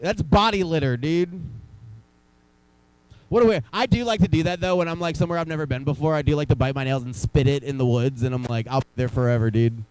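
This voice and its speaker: A man's voice: fairly high pitch, a little fast, clean tone, no room sound, poor audio. A young man doing stand-up comedy in a small club, rambling loosely and teasing the crowd.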